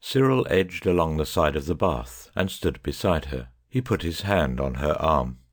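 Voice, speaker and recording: A man narrating an audiobook chapter in a measured, even way. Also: a bass voice.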